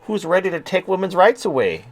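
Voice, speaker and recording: A man's voice: high-pitched, very animated, fairly quick, faint music behind, voice pushed up. A man voicing a goofy male Canadian stereotype in an exaggerated, mocking sing-song. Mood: mocking cheer.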